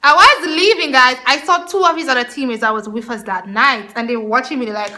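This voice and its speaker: A young woman telling a personal story to her camera, chatty and animated, breaking into laughter often. Her voice sits high and sounds bright and clear. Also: brisk. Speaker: vlogger. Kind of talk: storytime vlog.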